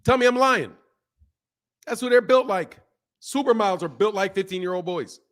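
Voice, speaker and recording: Animated high-voiced man ranting casually. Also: moderate pace. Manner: animated, repetitive, laughing often. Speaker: boxing channel host. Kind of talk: casual rant.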